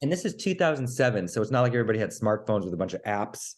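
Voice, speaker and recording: Man with a lively, wry voice. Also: lowish voice, very fast. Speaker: podcast co-host. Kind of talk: casual chat.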